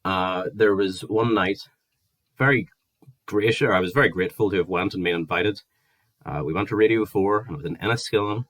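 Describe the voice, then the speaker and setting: A young Northern Irish man with a deep, low voice vents into the camera. He rants with exasperation and swears heavily. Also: brisk, fairly bright tone. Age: 20s. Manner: heated, sweary, exasperated ranting. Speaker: vlogger. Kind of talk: angry ranting monologue.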